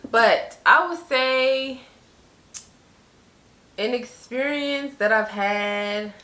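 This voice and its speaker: A young woman speaks in a casual, earnest vlog monologue, her voice bright and forward. She leans on "like" and "you know" and slips into animated quotes of other people. The room around her gives the sound a noticeable echo. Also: medium pitch. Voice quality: conversational, frequent "like" and "you know". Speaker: vlogger.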